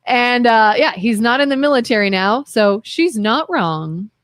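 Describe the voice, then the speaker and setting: A woman co-hosts a relaxed studio talk show. Her voice sits fairly high and swings widely as she recounts conversations, dropping lower to act out the other side. The sound is close and dry. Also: unhurried, no echo. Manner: animated, acts out quoted voices in a lower tone. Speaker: co-host. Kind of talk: casual radio talk.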